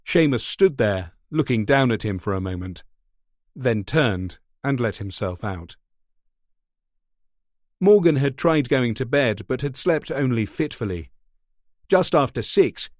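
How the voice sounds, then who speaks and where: A man narrating a thriller audiobook in a steady, measured way. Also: mid-range voice, no room sound, clean studio sound. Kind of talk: scripted narration.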